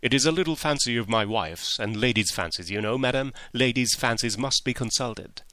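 A man reading the part of a fussy, wheedling middle-aged gentleman, coaxing and insistent, in an audiobook. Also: mid-range voice, fairly quick, no echo, close to an everyday voice.

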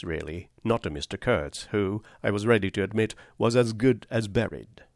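A man narrating a literary novel in a measured, grave, deliberate way. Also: on the low side, creaky, no echo, clean studio sound. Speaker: audiobook narrator.

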